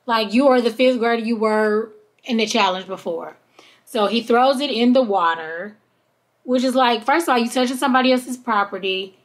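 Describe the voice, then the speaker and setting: A woman's voice: on the high side, moderate pace. Chatty woman recapping a reality show. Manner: chatty, animated retelling with quoted voices. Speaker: podcast host. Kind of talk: casual recap chat.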